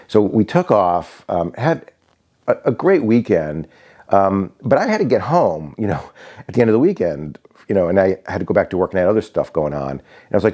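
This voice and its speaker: This Connecticut vlogger, a man in his sixties from the USA, tells casual stories peppered with fillers and restarts. He speaks in a low, mellow, sing-song voice at a brisk pace.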